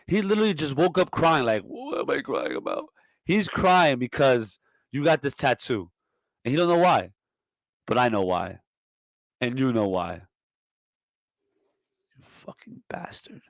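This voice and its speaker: A man hosting a comedy podcast, delivering a profane, mock-scolding tirade that swings from loud to muttered. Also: medium pitch, no room sound. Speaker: podcast host. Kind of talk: comedic rant.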